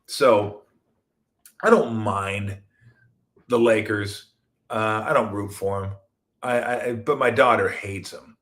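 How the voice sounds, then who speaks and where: A middle-aged Southern Californian man hosts a casual sports talk show, rambling and joking in a fairly low voice. He speaks slowly with frequent pauses, breaking into sudden loud outbursts and mumbled asides.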